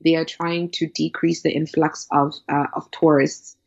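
A woman's voice: deep voice, flat delivery, moderate pace, gravelly, darkish tone, breathy edge. A woman in casual chat, talking with emphatic enthusiasm and telling travel stories. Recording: dull lo-fi sound.

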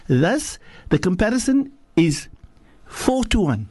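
Husky-voiced preaching man on radio. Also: very animated, measured pace, few pauses, darkish tone, no echo. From South Africa. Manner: preaching, emphatic, swings from low to high. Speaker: sheikh giving religious teaching. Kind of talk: radio religious talk. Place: radio studio.

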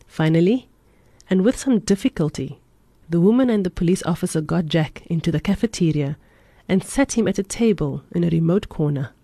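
A woman radio presenter narrating a motivational story in a steady, measured reading. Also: fairly low pitch, dry recording.

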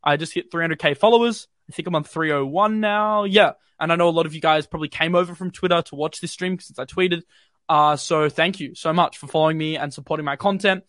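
A man's voice: on the high side, brisk, a bit bright, no room sound, clean studio sound. A young man with a mild Australian city accent, hosting a casual livestream from his bedroom, chatty and full of fillers as he answers viewer comments. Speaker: crypto livestream host. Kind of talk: casual live-stream chat. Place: home bedroom.

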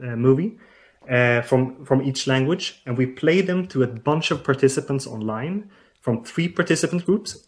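Male researcher, guest, halting, lots of uh's, mid-pitched voice. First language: Swedish. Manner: hesitant, many uh fillers and restarts. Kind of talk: explaining in an interview.

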